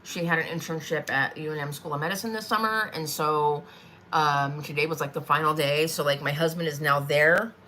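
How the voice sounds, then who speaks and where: A woman's voice: deep voice, fairly even intonation, a little fast, bright, forceful tone, slight background noise. A woman in her forties chatting in a rambling way with lots of fillers as she hosts a live craft stream from her desk. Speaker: craft vlogger.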